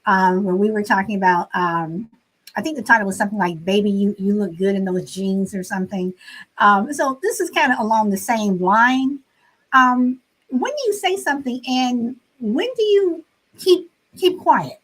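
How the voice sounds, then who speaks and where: A woman's voice: mid-range voice, moderate pace, fairly bright tone, rough recording. A woman hosting a casual live stream, chatting with many fillers and reading out viewers' comments.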